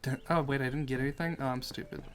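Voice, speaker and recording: A man's voice: mid-range voice, fairly even intonation, quick pace, a bit bright, a little hiss or hum. A man streaming a game, chatting casually and goofily while reading chat questions aloud and answering them. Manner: goofy and jokey, reads chat aloud and answers it. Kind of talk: casual live-stream commentary while playing.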